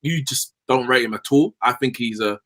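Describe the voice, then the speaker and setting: A man's voice: medium pitch, normal speed, a bit bright. A man co-hosting a football podcast, laid-back and hesitant in casual chat. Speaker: podcast co-host.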